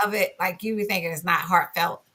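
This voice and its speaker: A woman's voice: on the low side, steady tone, brisk, bright, forceful tone. A woman co-hosting a casual faith chat, talking loosely and using plenty of "like" and "you know". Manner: chatty, with many "like" and "you know" fillers. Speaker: co-host.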